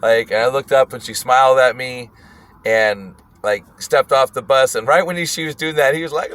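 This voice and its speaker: A man casually telling a wild story, animated and profane, often breaking into laughter. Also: mid-range voice, moderate pace.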